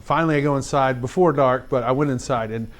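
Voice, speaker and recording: Man telling a lively story to kids. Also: medium pitch, fast talker. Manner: animated, chatty storytelling with repeated "like" and direct questions to kids. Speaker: teacher. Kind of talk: storytelling lesson for fifth graders.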